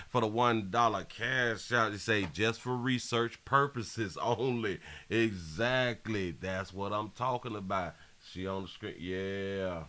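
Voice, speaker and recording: A man's voice: lowish voice, pushed and bright. A man hosting a live stream, chatting casually in slang, repeating phrases and reading out viewer donations. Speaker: livestream host.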